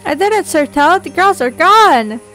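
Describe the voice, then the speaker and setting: A sweet, eager little girl, voiced by a woman reading game dialogue. Her voice is pitched high and chirpy, full of hope. Soft game music plays faintly behind. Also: expressive, normal speed. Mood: hopeful.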